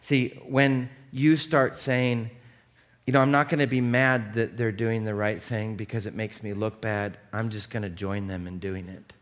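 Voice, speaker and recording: A man's voice: on the low side, flat delivery, a little slow. A man in his thirties, a pastor giving a conversational, storytelling sermon that builds into impassioned preaching.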